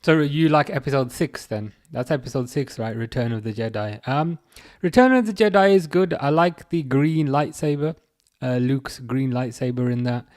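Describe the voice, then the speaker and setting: A man's voice: mid-range voice, animated, a little mellow. Chatty man hosting a watchalong. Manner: chatty, halting, many fillers and restarts. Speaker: livestream host reading chat. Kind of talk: casual live watchalong chat.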